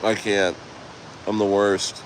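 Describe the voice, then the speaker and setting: A man's voice: lowish voice, flat delivery, takes it slowly, a little hiss or hum. Loose, chatty man rambling on a live stream. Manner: loose, chatty, laughs often, trails off and restarts. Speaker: crypto livestreamer reading chat. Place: outdoors near the coast.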